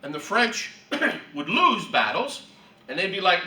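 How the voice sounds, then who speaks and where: Animated man teaching, echoey and distant. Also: a little high, moderate pace. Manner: lively storytelling with clearing of the throat. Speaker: Bible teacher. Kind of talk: animated Bible class teaching. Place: room for a church class. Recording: echoey room, distant mic.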